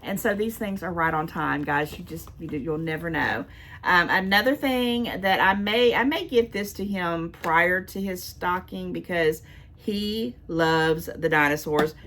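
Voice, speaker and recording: A woman's voice: on the low side, a little slow, a bit bright, slight background noise. An older woman and grandmother, vlogging as she opens gifts and chats, gushing and thankful, repeating her thanks and going close to tears. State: near tears. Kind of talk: casual chatty unboxing.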